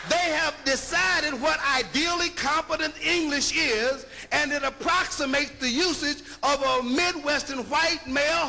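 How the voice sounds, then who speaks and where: A man's voice: very high-pitched, vocal fry, pushed and bright. A man giving an emphatic, rhetorical lecture, punching his points and checking that listeners follow. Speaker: linguistics lecturer. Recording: long hall reverb.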